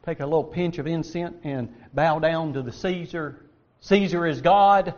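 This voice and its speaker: A man preaching a sermon, stressing key words loudly and dropping to quiet asides. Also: fairly high pitch, moderate pace, dull audio. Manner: emphatic, swings between loud stress and quiet asides.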